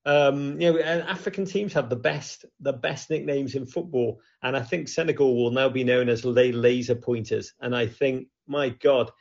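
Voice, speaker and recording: A man hosting a lively football chat show with callers, joking and swinging from loud to hushed. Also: medium pitch, moderate pace, gravelly, few pauses. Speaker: host. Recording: dull lo-fi sound.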